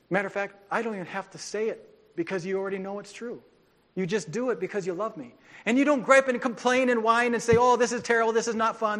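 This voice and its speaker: A man preaching a sermon as a pastor, animated and joking, acting out quoted voices. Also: high voice, in a large hall. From grew up on a farm.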